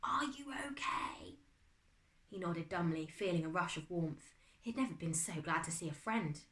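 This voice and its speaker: A British woman teacher reading a chapter book aloud to her class, expressive and dramatic. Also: fairly low pitch, moderate pace. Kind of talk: storybook read-aloud. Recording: echoey room.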